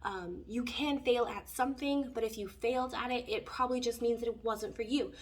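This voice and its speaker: A woman reads tarot casually and rambles as she goes, leaning on fillers. Her voice sits a little high for a woman. It is picked up from a distant mic. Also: steady tone, fairly quick. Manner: rambling, filler-heavy, conversational. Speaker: tarot reader.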